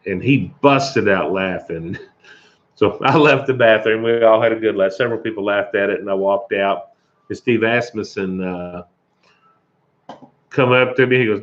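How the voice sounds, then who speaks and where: A man's voice: fairly low pitch, normal speed. A middle-aged man, hosting a casual livestream chat, chuckling and greeting viewers by name, with an occasional cough. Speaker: livestream host. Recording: dull lo-fi stream audio.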